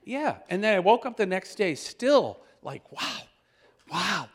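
A man preaching a storytelling sermon, animated and chuckling, who breaks into loud exclamations when he acts out moments. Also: high voice, measured pace. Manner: animated, shouts out quoted exclamations; chuckles while telling stories.

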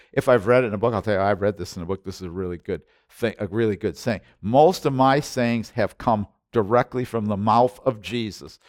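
A man preaching a sermon with passion, repeating words and swinging from loud to hushed. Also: on the low side, no room sound, studio quality. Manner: impassioned, repetitive, swinging between loud and hushed. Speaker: pastor.

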